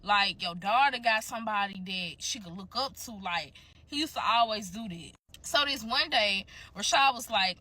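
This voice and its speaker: A woman's voice: mid-range voice, lively intonation, normal speed, bright, forceful tone. A young woman telling a candid, profane story to her viewers in a casual, chatty way.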